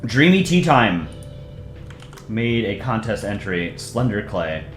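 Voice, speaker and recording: A man doing casual live-stream commentary as he reviews comics, relaxed and self-deprecating, often pausing with ums. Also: lowish voice, roomy sound, soft background music.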